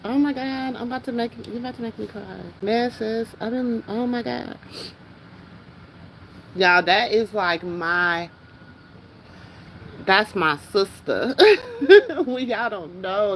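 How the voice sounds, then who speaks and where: A woman vlogger talking casually and emotionally to her viewers, excited and exclamatory, repeating herself often. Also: on the low side, vocal fry, slight background noise, poor audio.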